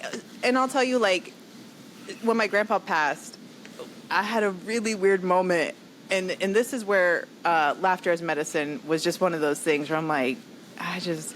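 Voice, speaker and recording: A woman with a fairly low voice, a comedian telling a story as a podcast guest. She talks in an animated way and slips into other people's voices as she goes. Faint noise sits under her voice. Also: normal speed, low-quality recording.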